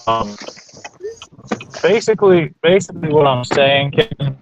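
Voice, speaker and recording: A man hosting a casual live stream chat, animated and swearing freely. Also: a little high, unhurried, vocal fry. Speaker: live stream host, delivery driver. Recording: lo-fi with some noise.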